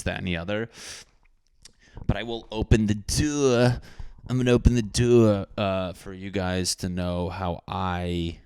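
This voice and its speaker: A young man with a low, deep voice runs a casual solo podcast, riffing and ranting in a crude, jokey way full of swearing. The sound is dry and close, with no room echo. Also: darkish tone, smooth. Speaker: podcast host.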